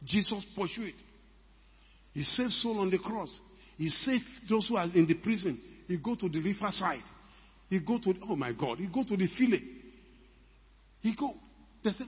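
An older man delivers an emphatic sermon in a large church hall. His voice is husky and sits a little high. The sound is dull and lo-fi, with a long echo trailing each phrase. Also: lively intonation, moderate pace, long pauses. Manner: emphatic, rhetorical questions to the congregation. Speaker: pastor.

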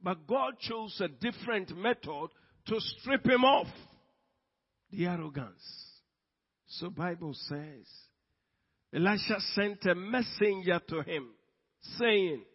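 Male preacher, high and unhurried, emphatic with sudden quiet asides; reverberant, muffled hall recording. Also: lively intonation, husky. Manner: emphatic preaching, swinging between loud bursts and hushed asides. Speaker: pastor. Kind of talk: sermon. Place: church hall. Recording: long hall reverb, dull lo-fi sound.

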